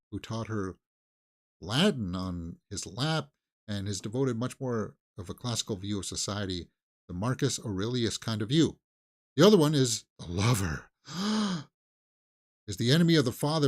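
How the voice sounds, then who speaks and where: A man hosts his own movie news talk, rambling casually from one thought to the next. His pitch swoops up and down in a lively way, and he drops into mocking little put-on quotes. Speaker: movie news channel host. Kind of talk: casual solo commentary.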